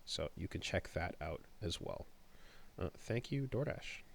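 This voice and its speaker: A man's voice: sits low, animated, a little slow, vocal fry, a little hiss or hum. A man in his thirties co-hosting a casual podcast, rambling and trailing off with many fillers. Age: 30s. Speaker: podcast co-host. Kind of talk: casual chat and host-read ad.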